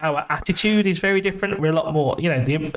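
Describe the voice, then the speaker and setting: An English man co-hosting a casual podcast, joking and animated as he talks. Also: on the high side, quick pace. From England. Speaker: podcast co-host. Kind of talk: casual chat.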